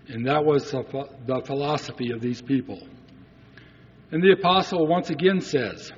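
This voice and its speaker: A pastor preaches earnestly, asking the congregation rhetorical questions. He has a mid-range voice with a breathy edge and a moderate pace, captured in a dull recording with long church reverb.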